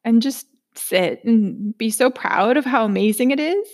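A woman voicing her anxious inner hyperachiever, a frantic, overwhelmed woman who pleads in a rushed, high voice. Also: lively intonation, a little mellow. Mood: hopeful.

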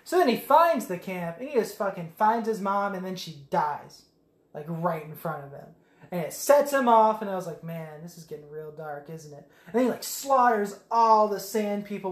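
A man's voice: high voice, animated, normal speed. A man co-hosting a podcast, recapping a movie in a rambling, profane, casual way. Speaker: podcast co-host. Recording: echoey room.

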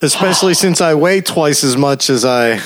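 A man's voice: fairly high pitch, expressive, normal speed. A man co-hosting a podcast, chatting casually and tossing in dry wisecracks. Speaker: podcast co-host.

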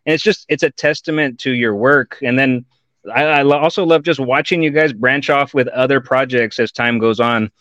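Excited guy hosting a comics stream, says dude and y'all a lot, dry mic. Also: mid-range voice, moderate pace, no echo, lo-fi sound. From Texas. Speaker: podcast host. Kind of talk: live-stream interview.

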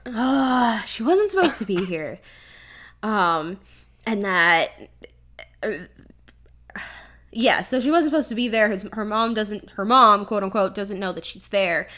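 A woman's voice: mid-range voice, animated, unhurried, long pauses, bright, forceful tone. A woman co-hosting a casual chat, animatedly recapping a movie with lots of swearing and "like" fillers.

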